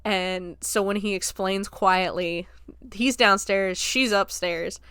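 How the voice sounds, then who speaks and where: A woman's voice: mid-range voice, fairly even intonation, slow, sharp tone, clear, resonant tone, dry recording, studio quality. A woman hosting a podcast, casually recapping a film scene by scene, laughing often and acting out the lines she quotes. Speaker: podcast host reviewing a film.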